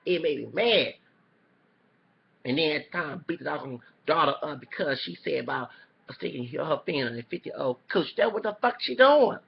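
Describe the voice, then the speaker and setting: A man's voice: a little high, moderate pace, vocal fry. A man giving a heated reaction rant as a YouTuber, cussing and repeating himself, then apologizing for his swearing. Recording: dull lo-fi recording.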